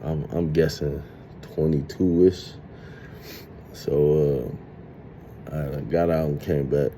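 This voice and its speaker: A man in his thirties telling a streetwise, profane story in a casual, animated monologue. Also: a bass voice, slow, a little hiss or hum. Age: 30s. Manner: streetwise, profane, animated retelling with acted quotes.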